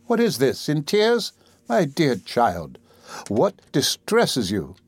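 A man voicing an anxious elderly aunt who speaks slowly, gently and with a tremble. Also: mid-range voice, huge pitch swings, breathy edge, no room sound, full character voice.

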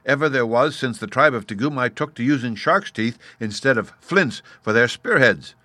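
A man reads a children's storybook aloud at a measured, lightly animated pace. His voice is bright and crisp, and it sounds close and dry. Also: mid-range voice, dry recording. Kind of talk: storybook reading.

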